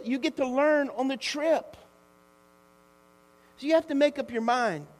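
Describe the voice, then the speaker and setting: A male pastor preaching an animated, conversational sermon that calls out to the congregation. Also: very high-pitched, creaky, in a large hall.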